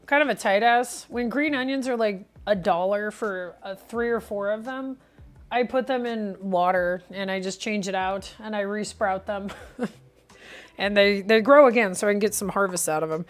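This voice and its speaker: A woman's voice: mid-range voice, normal speed. A woman chatting playfully with her viewers while cooking on a live stream. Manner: chatty, playful, answers chat aloud. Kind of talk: casual cooking livestream chat.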